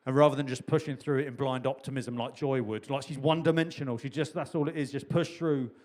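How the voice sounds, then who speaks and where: A man's voice: medium pitch, steady tone, fast talker, darkish tone. A man preaching a sermon in a chatty, humorous way, repeating key phrases for emphasis. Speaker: pastor.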